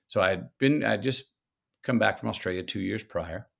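Guest voice: man in his fifties, low gravelly tone, unhurried reflective storyteller. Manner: slow, reflective storytelling with drawn-out pauses. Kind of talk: conversational interview.

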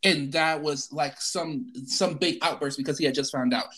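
A man's voice: fairly high pitch, moderate pace, fairly bright tone, slightly rough. A man co-hosting a casual opinion chat, blunt and emphatic, hammering his points with repetition. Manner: emphatic and blunt, repeats punchlines.

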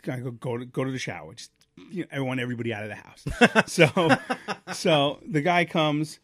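A man in his thirties co-hosting a podcast, telling a story casually and acting out the voices loudly. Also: medium pitch, normal speed, no echo. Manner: animated, acts out quoted voices loudly. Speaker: podcast co-host.

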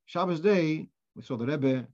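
A man's voice: a little high, normal speed, a little mellow. A man teaching a Torah class in an informal lecture, thinking aloud, posing questions and often restarting his phrases. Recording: dull lo-fi recording.

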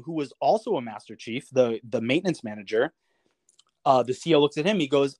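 Dude telling a navy war story, swears a lot, acts out the quotes, dry sound. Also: male voice, mid-range voice, brisk, no echo. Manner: animated storyteller, swears freely, acts out quoted lines with chuckles. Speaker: podcast guest, navy veteran. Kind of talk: casual anecdote told in an interview.

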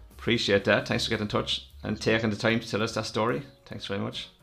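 A man co-hosting a casual podcast, reading out listener stories with easy, foul-mouthed banter. His voice sits low with a gravelly rasp, and faint music plays underneath. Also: fairly even intonation, fairly quick, a bit bright. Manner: laid-back, crude banter, reading listener messages. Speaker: podcast co-host.

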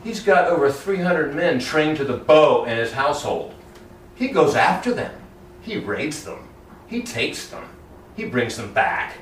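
A man preaching a sermon in a church, lively and conversational, often acting out Bible characters in casual everyday voices. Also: a little high, measured pace, slight background noise. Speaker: pastor. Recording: roomy echo, heard from a distance.

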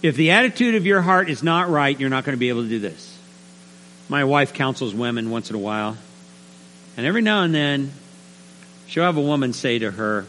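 A middle-aged male pastor preaching a sermon, animated and acting out little scenes with put-on voices. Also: medium pitch, brisk. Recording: reverberant hall with faint mains hum.

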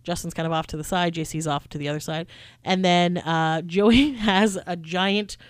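A woman co-hosting a podcast, chatting casually and rambling through long stories with quick asides. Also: lowish voice, clean tone, no room sound, clean studio sound. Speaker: podcast co-host. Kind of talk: casual chat.

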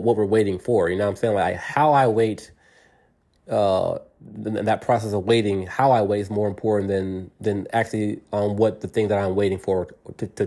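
A middle-aged man talks through listener advice on his podcast in a loose, unscripted monologue. His voice sits a little low, and he circles his points with frequent restarts and repeated words. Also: warm tone. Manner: earnest, rambling, many repeated words and restarts. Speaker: podcast host.

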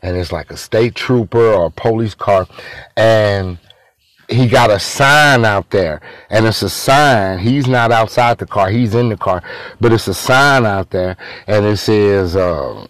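A man's voice: fairly low pitch, measured pace, dry recording. A man telling a story casually, rambling and repeating himself, talking to his listeners as y'all.

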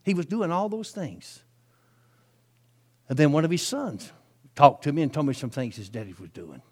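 A man's voice: a little high, animated, moderate pace, darkish tone, husky. A male preacher, telling a story in his sermon in a folksy, chatty way with frequent asides.

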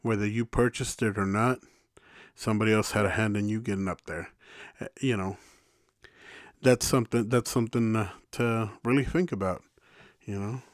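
A man's voice: lowish voice, fairly even intonation, moderate pace, dry recording, clean studio sound. A man talking reflectively in a casual podcast conversation, rambling with many restarts. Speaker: podcast co-host.

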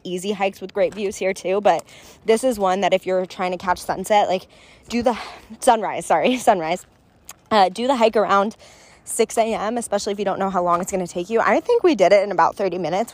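A young woman talks to her audience in a loose, chatty vlog style, peppering her sentences with "like" and little laughs. Her voice sits at an ordinary middle pitch and she records on a handheld phone, sometimes outdoors. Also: fairly quick, darkish tone. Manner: chatty, laughs often, lots of "like". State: out of breath. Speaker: travel vlogger. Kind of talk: casual travel vlog chat. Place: outdoors on a hiking trail.

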